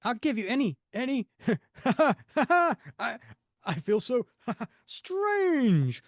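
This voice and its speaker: A man's voice: very high voice, sing-song, drawn-out words, no echo, studio quality, voice pushed up, full character voice. A man doing a giddy, squawking chicken-crazed villain. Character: manic grown male villain who believes he's a chicken.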